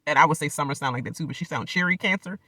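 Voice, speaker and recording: A man with a slightly high, sharp-edged voice talks through a reality show episode in a loose, slangy, rambling way and laughs often. His voice sounds close and dry, with no room echo. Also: rapid-fire. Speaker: reality show recap vlogger. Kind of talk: casual reality TV recap.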